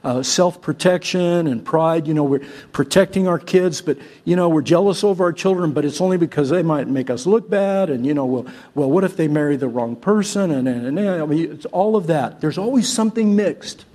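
A male pastor from Syria preaching a sermon, swinging from loud exhortation to soft, conversational storytelling. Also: on the high side, normal speed.

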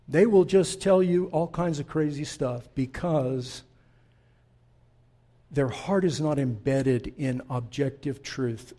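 A pastor from the Middle East preaching a sermon in a church, impassioned and direct with his congregation, dropping to a hush and rising loud again. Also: fairly high pitch. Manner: impassioned, shifts from hushed to loud; direct, talks straight to the congregation.

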